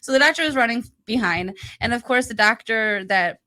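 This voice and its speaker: A woman's voice: a little high, brisk. A woman co-hosting a podcast, telling a personal story in casual chat and acting out what she said. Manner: animated storyteller, acts out her own past lines. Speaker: podcast co-host.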